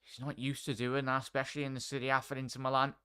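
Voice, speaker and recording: A man's voice: medium pitch, monotone, fast, sharp tone, clear, resonant tone. Chatty man commentating live football. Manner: chatty, addresses chat and viewers by name. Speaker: watchalong host.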